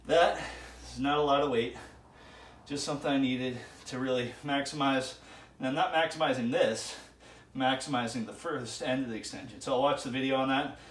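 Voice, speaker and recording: A man's voice: medium pitch, fairly even intonation, normal speed. A man talking casually to the camera during a gym workout, musing aloud between sets. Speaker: vlogger. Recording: echoey gym, far from mic.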